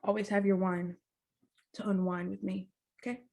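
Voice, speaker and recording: A young woman hosting a casual podcast interview, bubbly, chatty and openly nervous and excited. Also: medium pitch, moderate pace. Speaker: podcast host.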